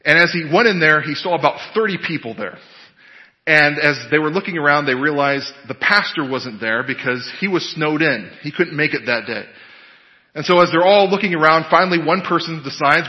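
A man preaching a sermon, telling a story with animated emphasis and hesitant fillers, recorded in an echoey hall with a dull, lo-fi sound. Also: fairly high pitch, moderate pace. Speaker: pastor.

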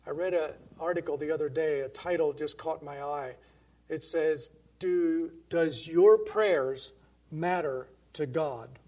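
Man, high voice, Bible-study sermon, conversational, restarts, asks the congregation questions. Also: darkish tone. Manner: reads King James scripture slowly and emphatically. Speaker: preacher.

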